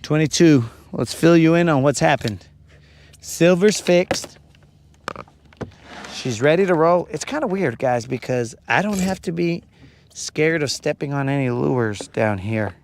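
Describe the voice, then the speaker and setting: A man's voice: a little high, expressive, unhurried, a little hiss or hum. A man hosting a casual fishing vlog from a boat at night, joking around and talking to viewers like his bros. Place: outdoors on a boat at a lake at night.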